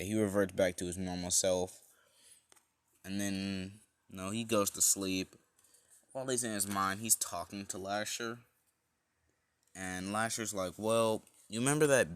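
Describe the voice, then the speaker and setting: Man, casual storyteller, rambling, self-correcting, deep voice, dry sound. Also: fairly bright tone, smooth, no echo. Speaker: fan-fiction storyteller.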